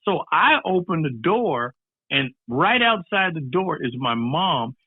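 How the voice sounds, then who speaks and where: A man's voice: fairly high pitch, slow pace, breathy edge, no echo. A man telling a story as an interview guest, playfully acting out the voices of the people in it. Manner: lively, acts out every voice in his stories. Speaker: entertainer and guest. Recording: tinny phone-like, dry line.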